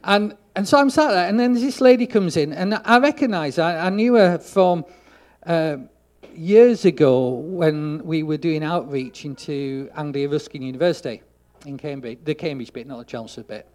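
A man preaching a sermon, telling a story and acting out the dialogue, getting loud for emphasis. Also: fairly high pitch, moderate pace.

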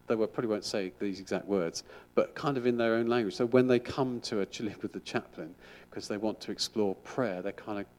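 A man's voice: fairly low pitch, brisk, hardly any pauses, darkish tone. A middle-aged man, a school chaplain, giving an informal sermon in a chatty, rambling way with frequent restarts.

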